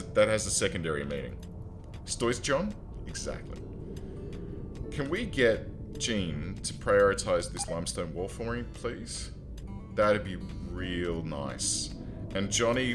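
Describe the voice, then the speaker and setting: A man streaming a strategy game, chatting casually and joking as he talks to his viewers and to his in-game characters. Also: low-pitched. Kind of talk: casual let's-play commentary.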